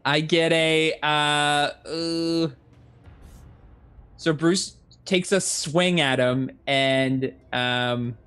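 A man's voice: a little high, steady tone, drawn-out words, fairly bright tone, smooth. A man playing a tabletop game, talking casually with hesitant, stumbling phrasing. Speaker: player.

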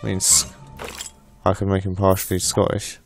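A man rambling through let's play commentary with crude jokes. His voice is low and gravelly. Loud game music plays behind him. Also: monotone, normal speed. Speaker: gameplay commentator.

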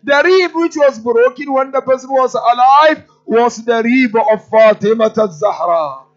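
A man's voice: very high voice, lively intonation, a little slow. A man preaching an impassioned, mournful sermon in a mosque, often prompting his listeners with a questioning "huh?". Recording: dull lo-fi with faint music.

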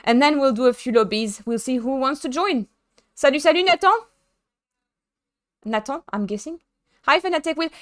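A woman's voice: high-pitched, lively intonation, moderate pace, pauses often, fairly bright tone, no room sound, clean studio sound. A young woman with a French accent chatting casually with her chat while sim racing, self-mocking and given to dramatic voiced asides. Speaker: streamer.

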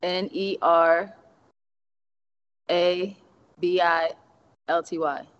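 A woman's voice: lowish voice, steady tone, very slow. A woman contestant in a casual game, laid-back and joking. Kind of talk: casual chat. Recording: dull, muffled sound.

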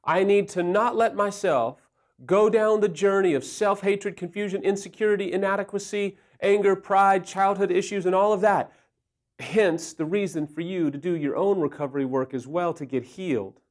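A man's voice: high-pitched, moderate pace, darkish tone. A man hosting a relationship advice talk, earnest and self-deprecating, acting out quoted lines in a raised voice. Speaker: host, recovery counselor. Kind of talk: candid advice talk to camera.

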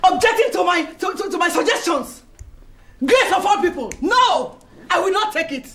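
A woman with a Nigerian accent playing a proud, furious senior woman of a ladies' club, ranting and shouting with scornful laughs in a film drama. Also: very high voice, big pitch swings, moderate pace, heavily acted. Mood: raging. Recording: echoey room with music underneath.

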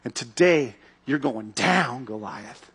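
A man voicing a defiant young shepherd boy who declares his challenge firmly in a husky voice. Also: mid-range voice, animated, slow pace, fairly bright tone, pitched below the performer's own voice, heavily acted. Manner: firm, declaring.

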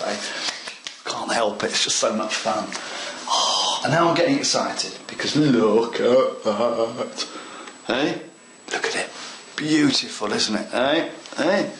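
A man's voice: fairly low pitch, bright, forceful tone, echoey room, a little hiss or hum, low-quality recording. Chatty man demonstrating model-making. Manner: chatty and enthusiastic, talks to the viewer. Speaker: model railway tutorial host. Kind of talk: hands-on craft demonstration.

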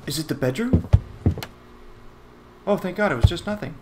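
A man's voice: on the high side, animated, takes it slowly, heavy background noise. A man giving running commentary on a horror game while he plays, jumpy and swearing, talking to himself as he goes. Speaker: gamer.

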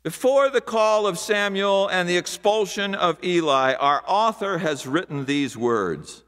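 A man preaching a sermon as pastor, slow and deliberate, with dramatic pauses and hushed asides. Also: high voice, expressive, smooth. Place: large church sanctuary. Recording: long hall reverb.

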